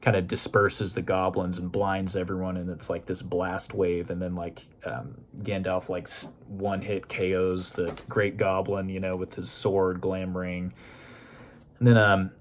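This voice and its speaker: Low-voiced man rambling about a book. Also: flat delivery, a little slow, a little hiss or hum. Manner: rambling and loose, full of hedges like "you know" and "kind of". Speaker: book discussion host. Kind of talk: casual spoken book review.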